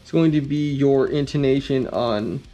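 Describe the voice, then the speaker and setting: Man, guitar instructor, casual rambling explanation, mellow warm tone, faint guitar behind. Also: medium pitch, moderate pace, lo-fi sound. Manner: relaxed, rambling, frequent ums, blunt mild cursing.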